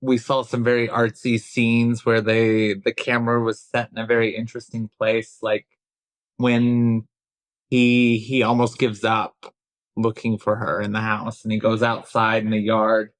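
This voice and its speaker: A man's voice: on the low side, monotone, unhurried, no echo. A man co-hosting a casual film review chat, easygoing and agreeable, often laughing along. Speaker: film review podcast host.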